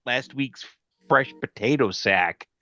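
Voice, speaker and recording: A man's voice: medium pitch, slow, bright, forceful tone. A man player joking wryly during a tabletop game. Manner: wry, joking. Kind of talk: casual tabletop chat. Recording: dull lo-fi mic.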